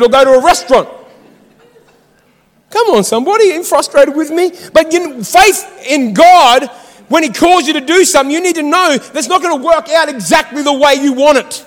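A man's voice: very high voice, a bit bright, long reverb tail. A man preaching a sermon in a church, fired up and exhortative, calling out to the congregation. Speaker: pastor.

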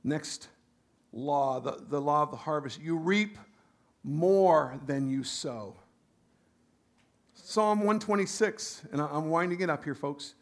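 A male pastor delivering a sermon in a high, lively voice. He swings between loud, emphatic lines and quiet asides, and often restarts his sentences. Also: slow pace, long pauses.

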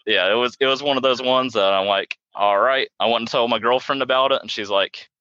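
A man's voice: medium pitch, fairly quick, pushed and bright, no room sound, dull audio. A man, co-hosting a podcast and telling rambling, self-mocking stories full of fillers. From South Carolina. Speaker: podcast co-host. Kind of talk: casual storytelling chat.

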